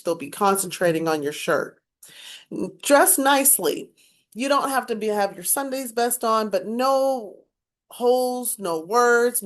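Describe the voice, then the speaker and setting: A woman speech instructor giving a recorded class lecture, explaining and demonstrating points with emphatic, varied inflection. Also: mid-range voice.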